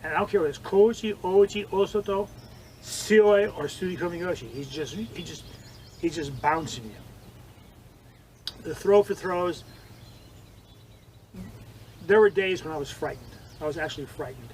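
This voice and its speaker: An older man telling vivid stories in an interview, acting out quoted lines and swinging between loud and hushed. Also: on the high side, measured pace, pauses often, a little hiss or hum, poor audio. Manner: animated storyteller, acts out quotes, swings loud and soft. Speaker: interviewee, former judo training partner. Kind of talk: storytelling interview.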